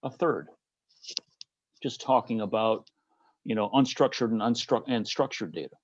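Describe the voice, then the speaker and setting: A man's voice: on the low side, expressive, normal speed, dry recording, lo-fi sound. A man with a Midwestern American accent giving a conference keynote, posing rhetorical questions to the audience. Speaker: conference speaker.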